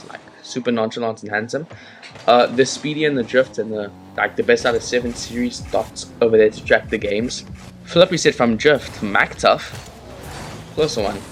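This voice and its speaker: Chatty man commentating. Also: mid-range voice. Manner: rambling, chatty, bursts of excitement on plays. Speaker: gaming commentator and host. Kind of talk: casual game commentary. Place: bedroom. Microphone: laptop built-in mic.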